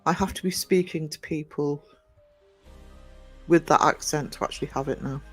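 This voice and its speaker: A man's voice: a little high, normal speed, fairly bright tone, faint music behind. Northumbrian man chatting casually on a livestream. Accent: Northumbrian English. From North East England. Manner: rambling, greets chatters by name, many fillers and restarts. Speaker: livestream host. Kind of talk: casual chat to live viewers.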